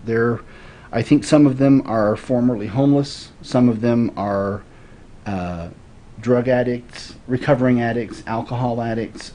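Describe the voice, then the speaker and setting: Guest storyteller, man, forties, earnest and reflective, middle pitch. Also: mellow. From Florida. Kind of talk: casual interview storytelling.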